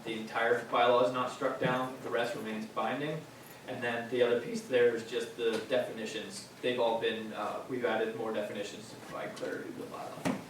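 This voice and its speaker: A man on municipal staff explaining a bylaw at a council meeting, with frequent pauses and fillers. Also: medium pitch. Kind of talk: formal meeting presentation. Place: council chamber. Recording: echoey chamber, distant mic, faint noise.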